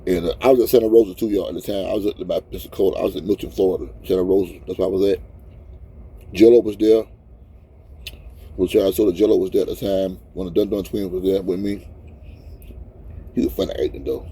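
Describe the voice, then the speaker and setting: A man's voice: low-pitched, steady tone, fast talker, dark tone, a little hiss or hum. A man in his fifties, crying as he talks in a rambling, heartfelt vlog from his truck cab. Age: 50s. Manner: rambling, heartfelt, repeats himself. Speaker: truck driver vlogger. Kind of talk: casual emotional vlog talk.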